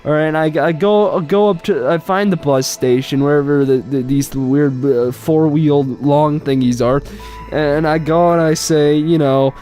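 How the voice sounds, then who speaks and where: A man improvising a comic story, rambling and halting, full of fillers and swearing. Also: a little high, dark tone, soft background music.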